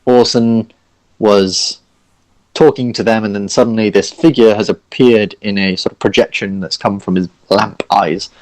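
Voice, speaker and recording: A young man narrating a tabletop game as dungeon master, relaxed with lots of fillers. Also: on the low side, normal speed, dry recording.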